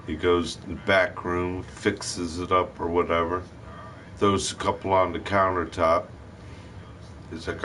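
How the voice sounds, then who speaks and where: A man's voice: sits low, level tone, measured pace, fairly bright tone, slight background noise. A middle-aged man hosting a live stream, telling rambling, profane stories in casual chat. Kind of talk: casual storytelling.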